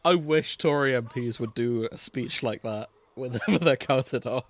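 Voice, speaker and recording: A young man hosting a casual podcast chat, laughing often between quick asides. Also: mid-range voice. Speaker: podcast host.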